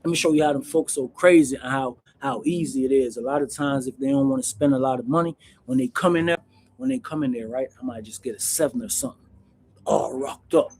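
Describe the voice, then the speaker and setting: A man hosting his own channel, telling stories in a casual, animated, slangy way, calling everyone "bro". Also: mid-range voice, quick pace, slight background noise. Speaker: channel host recounting prison life. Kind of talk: casual storytelling to camera.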